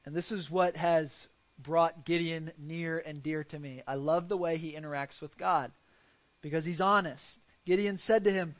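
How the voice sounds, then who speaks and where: A man's voice: on the high side, normal speed, muffled recording. A man preaching a sermon as pastor, earnest and fond of rhetorical questions.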